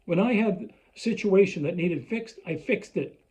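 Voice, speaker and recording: A man's voice: sits high, expressive, normal speed, darkish tone, poor audio. An older man from Canada delivering an angry, sarcastic ranting monologue, often mocking others in put-on voices. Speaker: vlogger.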